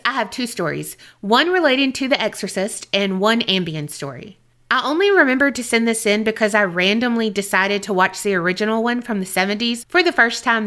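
A woman co-hosting a podcast, chatting casually and reading listener mail, animated and quick to laugh. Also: a little high. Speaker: podcast co-host.

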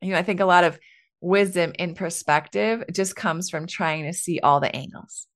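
A woman in her thirties talks casually on her own podcast, candid and chatty. She laughs easily and leans on conversational fillers. Her voice sits somewhat low for a woman. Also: moderate pace. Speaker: podcast host. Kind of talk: casual solo podcast talk.

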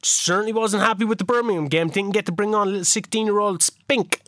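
A man's voice: high voice, fast talker, fairly bright tone, no echo, studio quality. A man co-hosting a podcast, teasing and joking as he recaps his video game season in casual chat. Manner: teasing, playful, jokey. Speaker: podcast co-host.

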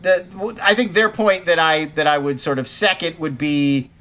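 A man talks casually as a podcast co-host, his voice a touch higher than most and bright. He gets animated, often restarting sentences mid-thought. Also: moderate pace. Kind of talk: casual chat.

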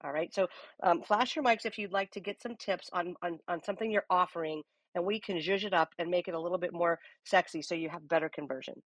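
Energetic woman coach leading a live audio room, dry close-mic voice. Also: fairly low pitch, fast, no echo. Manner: lively, uses many rhetorical "okay?" check-ins.

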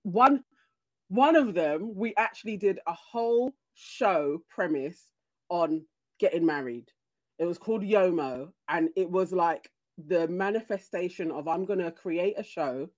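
A British woman hosting a panel chat, giving earnest, encouraging advice. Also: fairly low pitch.

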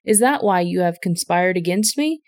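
A woman voicing an angry, paranoid male king who shouts accusations at his men. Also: on the low side, animated, moderate pace, no echo, clean studio sound, natural voice. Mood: furious.

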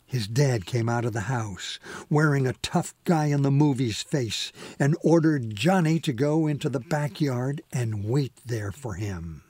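Husky, slow, expressive male storyteller. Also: medium pitch, no echo. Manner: expressive, lively reading. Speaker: narrator. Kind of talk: storytelling narration.

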